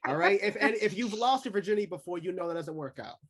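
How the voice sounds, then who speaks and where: A mid-pitched podcast host runs a loose panel with crude jokes and frequent laughter, then turns to put questions to the guests. The delivery is relaxed and casual. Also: fast, over a noisy crowd. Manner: joking, crude, laughs often.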